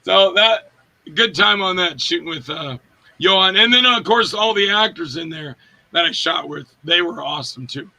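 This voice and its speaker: A man's voice: sits high, normal speed, gravelly. A man in his fifties, an actor telling stories in a casual interview and acting out quotes in different voices. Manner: animated, acts out quotes in voices.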